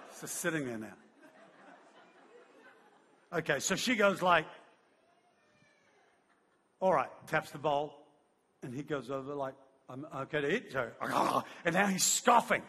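Husky, animated preacher in a big hall. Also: male voice, a little high, a little slow, pauses often. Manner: animated storytelling, laughing. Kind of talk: sermon. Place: large church hall. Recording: long hall reverb.

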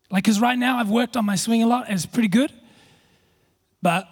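High, husky pastor preaching. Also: male voice, lively intonation, normal speed, pauses often. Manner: storytelling with self-deprecating humor, frequent restarts. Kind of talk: sermon.

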